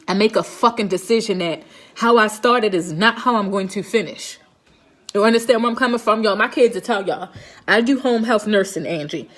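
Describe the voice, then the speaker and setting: Blunt, profane woman. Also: on the high side. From Baltimore, Maryland. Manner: blunt, profane, emphatic, keeps asking if listeners understand. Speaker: live streamer and home health nurse. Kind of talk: motivational live-stream talk.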